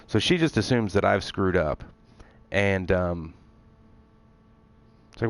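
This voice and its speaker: A man's voice: deep voice, steady tone, normal speed, pauses often, smooth, no echo. Exasperated man telling a story. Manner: acts out both sides of the conversation. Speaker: streamer. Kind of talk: casual storytelling.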